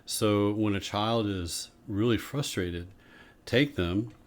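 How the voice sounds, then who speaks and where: A man co-hosting a podcast, explaining ideas in a measured, casual way. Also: lowish voice. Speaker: podcast co-host. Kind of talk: casual conversation.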